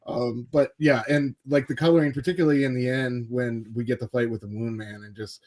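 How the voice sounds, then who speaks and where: A man's voice: mid-range voice, fairly even intonation, brisk, a little mellow. A man on a casual panel, talking with enthusiasm and laughing often.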